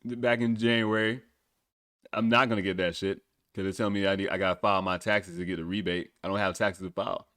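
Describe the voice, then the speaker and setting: A man's voice: sits low, flat delivery, a little fast, a bit bright, clean tone, dry recording, studio quality. A young man hosting a solo political podcast, sarcastic and profane, often breaking into laughter. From United States. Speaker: podcast host.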